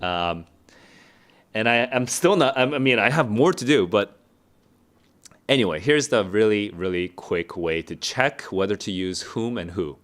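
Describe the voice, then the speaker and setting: A man's voice: on the low side, expressive, fairly bright tone. Chatty male tutor drilling grammar. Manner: chatty, repeats drills slowly, answers live chat. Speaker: SAT tutor. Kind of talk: casual livestream Q&A lesson.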